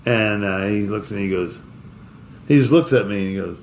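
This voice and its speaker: A man's voice: fairly low pitch, fairly quick, a little mellow, slight background noise. A man co-hosting a podcast, telling a story in a casual, rambling way with many restarts and fillers. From Florida. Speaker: podcast co-host.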